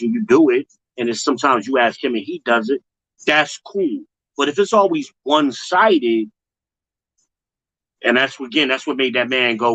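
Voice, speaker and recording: A man hosting a casual commentary livestream, blunt and slangy, talking straight to his viewers and mocking others in high put-on voices. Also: expressive, normal speed, sharp tone, no room sound, low-quality recording. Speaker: host.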